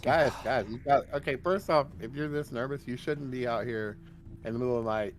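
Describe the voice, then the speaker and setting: A man's voice: medium pitch, fairly quick. A man playing his character in a tabletop game, speaking in an easygoing, reassuring way. Music plays faintly behind his voice. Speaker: player. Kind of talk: in-character tabletop role-play.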